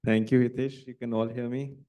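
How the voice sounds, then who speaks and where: A man's voice: mid-range voice, little pitch movement, a little fast, dark tone, clean tone. A man with an Indian English accent chairing a lecture meeting and responding to the speaker with wry remarks. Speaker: session chair.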